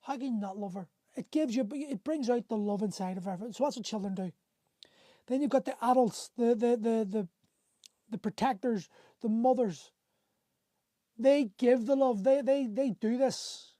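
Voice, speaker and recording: A man's voice: very high-pitched, moderate pace, dark tone, no echo. A man in his forties hosting a men's coaching livestream, talking earnestly and rambling, with many restarts while he answers viewer comments. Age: 40s. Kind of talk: impassioned motivational talk to live viewers. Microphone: phone or webcam on a livestream.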